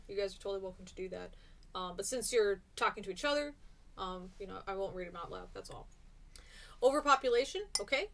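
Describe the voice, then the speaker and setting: A woman teaching a live-streamed class, chatty and encouraging as she reads out and answers her students' comments. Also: mid-range voice.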